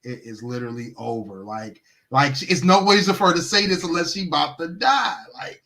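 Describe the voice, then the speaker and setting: A man's voice: sits high, very animated, normal speed, bright, forceful tone. A man co-hosting a casual movie recap, agreeable and laughing often, repeating his points. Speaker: podcast co-host.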